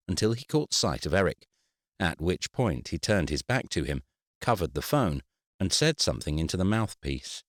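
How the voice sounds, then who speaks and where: Male audiobook reader, very deep, lively wry delivery, dry close sound. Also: no room sound. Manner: wry, expressive storytelling. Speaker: audiobook narrator. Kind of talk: scripted narration.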